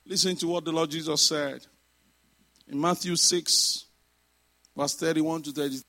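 A man preaching a sermon, emphatic, moving between shouted exhortations and quiet asides. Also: a little high, fairly even intonation, normal speed.

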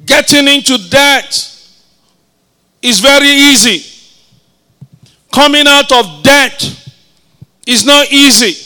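A man's voice: very high-pitched, slow, pauses often, pushed and bright. A male pastor preaching a sermon, leading his congregation in call-and-response and repeating his phrases.

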